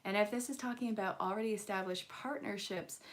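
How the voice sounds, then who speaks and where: A woman's voice: medium pitch, fairly quick. A young woman doing a live angel card reading in a casual, chatty way, mixing guidance with playful jokes. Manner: playful, joking asides and frequent laughs.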